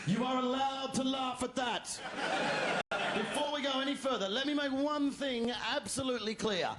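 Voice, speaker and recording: Male comic, high voice, shouty animated stand-up delivery, live show with clear audience noise. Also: moderate pace, crowd noise. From Australia. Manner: animated storytelling with shouted punchlines. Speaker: stand-up comedian. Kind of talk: stand-up routine. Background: audience laughter.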